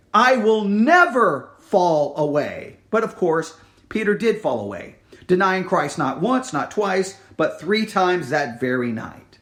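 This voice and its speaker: High-voiced man preaching a dramatic sermon. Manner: dramatic, drops to near-whisper for emphasis, then rises; repeats words and restarts.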